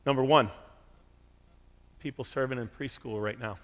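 Animated preacher in a big echoing hall. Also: male voice, slow pace, pauses often. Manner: animated, acts out quotes with big pitch jumps. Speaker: pastor. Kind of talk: sermon. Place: church sanctuary. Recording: reverberant church hall.

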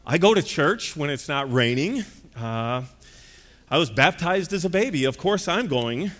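A man playing a cocky everyday churchgoer, boasting and insisting he is a good person. His tone is bright and forceful, and it rings through a reverberant hall. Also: fairly high pitch, lively intonation, a little slow. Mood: boastful. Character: self-assured male churchgoer, sure of his own goodness.

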